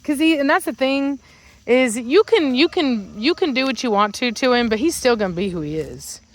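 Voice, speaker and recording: A woman's voice: sits high, lively intonation, normal speed. A woman dog breeder from Virginia, filming outdoors and chatting casually, talking to her dogs in a sing-song baby voice and laughing often.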